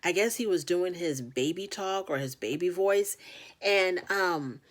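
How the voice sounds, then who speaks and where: A woman's voice: on the low side, expressive, measured pace. A woman hosting a casual reality TV recap, talking frankly and filling her speech with "like" and "you know.". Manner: chatty, frank, heavy on fillers like "you know".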